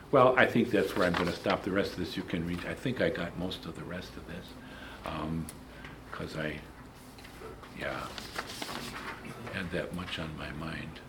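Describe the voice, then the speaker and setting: A man's voice: deep voice, a little hiss or hum. A man teaching a Bible study lecture, emphatic and digressive, breaking off for asides and restarts.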